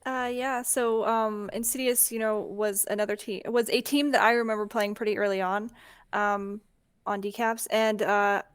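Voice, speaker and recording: A woman's voice: medium pitch, steady tone, moderate pace, clear, resonant tone, dry recording. A woman co-hosting a casual esports podcast, hesitant and filling her talk with ums and yeahs. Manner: hesitant, many fillers, giggly. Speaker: podcast co-host, player.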